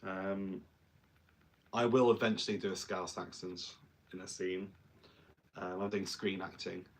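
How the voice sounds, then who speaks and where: A young man talks through his drag makeup in a loose, rambling vlog chat. His voice sits fairly low, and he keeps slipping in self-mocking jokes as he goes. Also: little pitch movement, measured pace. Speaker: drag performer and vlogger. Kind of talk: casual vlog chat while doing makeup.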